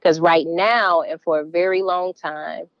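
A woman's voice: lowish voice, steady tone, a little slow, dry recording, muffled recording. A middle-aged woman with a Southern US accent, a guest in a casual interview, speaking earnestly and emphatically. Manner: earnest, emphatic, warm laughs.

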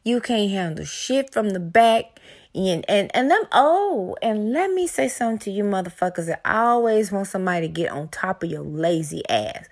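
A woman's voice: mid-range voice, animated, moderate pace. Brash, profane woman ranting. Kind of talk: explicit comedic monologue.

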